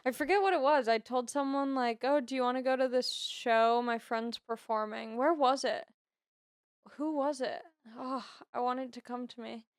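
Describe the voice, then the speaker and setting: A woman's voice: sits high, normal speed, no echo, clean studio sound. A young woman comedian telling a story in casual, laid-back chat. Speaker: comedian guest.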